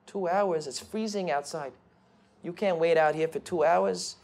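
A man's voice: on the high side, a little slow, vocal fry, a little mellow. A male speaker voicing a kind, concerned rabbi in a spoken story. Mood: caring.

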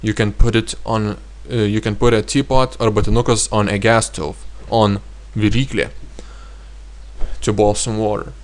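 A man teaching a vocabulary lesson, explaining with many pauses and saying each word twice. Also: lowish voice, little pitch movement. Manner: explains slowly, repeats words twice, many hesitations. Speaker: language teacher.

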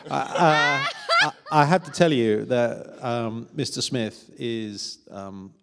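A man speaks at a press conference with effusive, warm praise and keeps laughing between phrases. His pitch sits in an ordinary middle range, and he talks into a handheld microphone. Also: takes it slowly, gravelly.

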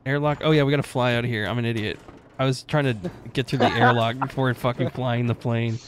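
A man's voice: medium pitch, steady tone, fairly quick, background noise. A man streaming a game, chatting casually, joking, swearing and laughing often. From Canada. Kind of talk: casual gaming chat.

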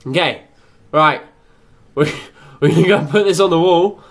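A young man doing excitable let's play commentary, chattering to himself and swearing often. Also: on the high side, normal speed, long pauses. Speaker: gaming channel host.

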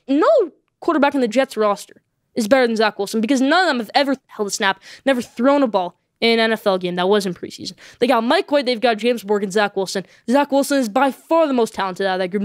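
A woman hosting a solo sports podcast, rattling off her takes at a rapid clip in a fairly high voice. She is emphatic and excitable, and hammers each point with a repeated "okay?". The sound is dry and close. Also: no room sound. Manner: excitable, animated opinions.

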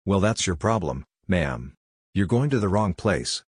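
A man's voice: low-pitched, very animated, a little slow, breathy edge, no echo, studio quality, exaggerated voice. A man voicing a towering monster posing as a male police officer, speaking sternly and mockingly. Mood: menacing.

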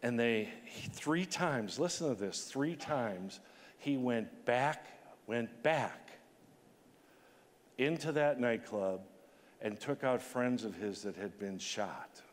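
Emphatic man in his sixties, hall reverb. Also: slow. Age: 60s. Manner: emotional, emphatic, rising to high pitch at peaks. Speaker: conference keynote speaker. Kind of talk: motivational keynote speech. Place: large conference hall.

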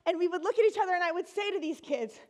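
A woman from the United States tells her story to an audience in a high, bright voice. She talks in an animated way, laughs often, and now and then breaks into excited shouts. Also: rapid-fire. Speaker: speaker giving a talk.

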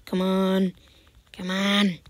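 A woman talks over her game in a husky, unhurried voice. She swings between loud protests and hushed whispered asides, and her slow delivery stays casual throughout. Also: mid-range voice, monotone, no echo. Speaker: gaming commentator.

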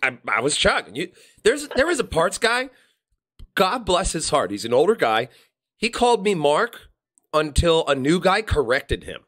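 A man's voice: a little high, sing-song, a little slow, a bit bright. A man, hosting a podcast and telling stories in casual chat, acting out quotes in shifting voices. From Philadelphia area. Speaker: podcast host.

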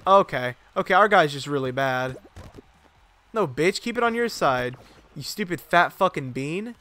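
A young man streaming a game live, giving excitable commentary full of profane trash talk. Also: fairly high pitch, unhurried, dry recording.

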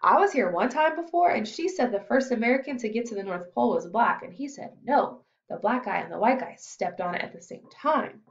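A woman's voice: on the high side, expressive, brisk, few pauses, muffled recording. A woman voicing a friendly, chatty teenage boy who works as an assistant trainer.

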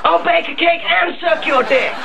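A man voicing a shrill, furious young woman partner on a spoof talk show, shrieking and screeching. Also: moderate pace, vocal fry, distant mic, noisy background. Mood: screaming.

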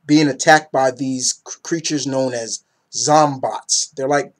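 A man's voice: mid-range voice, fairly even intonation, slow. A man in his thirties casually reviewing comic books, enthusiastic and rambling, often tripping over names.

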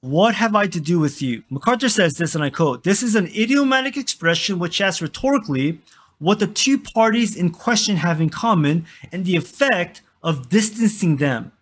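A man's voice: high voice, animated, moderate pace. A man preaching as a pastor, conversational, asking his listeners questions and answering them himself. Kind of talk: sermon.

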